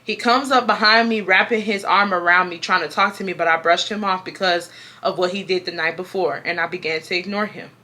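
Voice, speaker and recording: A young woman from Houston with a bright, crisp voice reads a viewer's story to her vlog audience. She stays animated and playful, breaking off to tease and joke between passages. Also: on the low side, brisk. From Houston, Texas. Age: 20s. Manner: animated and playful, laughing and joking between parts. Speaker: YouTuber.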